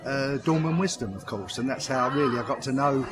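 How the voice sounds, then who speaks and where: A man's voice: medium pitch, a little fast, crowd noise. An older man, a pantomime writer and comedy performer, telling chatty stories in an interview and laughing often at them. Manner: chatty storyteller who laughs often at his own anecdotes. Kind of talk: anecdotal interview chat.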